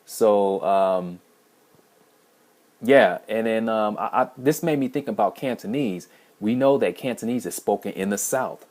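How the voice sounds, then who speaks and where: A man's voice: on the low side, measured pace, a little mellow. A man hosting a language-learning video, talking casually to camera in a rambling way with many restarts. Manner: rambling, frequent restarts and fillers.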